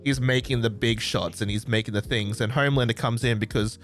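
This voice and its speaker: Aussie guy rambling on a podcast, mid pitch, keeps forgetting names, bit of music under it. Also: steady tone, brisk, a bit bright. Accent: Australian. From Australia. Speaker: podcast host. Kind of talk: casual chat. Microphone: desk microphone.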